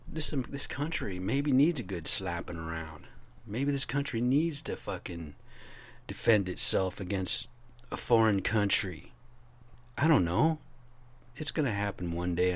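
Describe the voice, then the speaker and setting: A man's voice: lowish voice, expressive, a little slow, long pauses. A man from Washington state ranting on his solo podcast into his own mic, rambling and swearing constantly.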